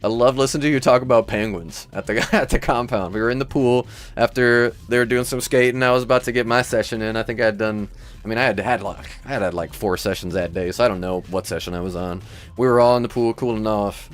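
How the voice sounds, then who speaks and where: A man's voice: medium pitch, fast. A man from Michigan with a Midwestern accent, hosting a livestream and chatting casually with viewers, rambling and laughing often. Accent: Midwestern American. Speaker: livestream host.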